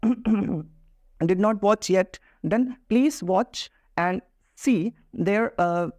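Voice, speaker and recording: Hesitant teacher, dry sound. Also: male voice, high voice, a little mellow, no room sound. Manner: hesitant, many "uh" pauses, addresses viewers directly. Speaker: English pronunciation teacher. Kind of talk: classroom-style video lesson.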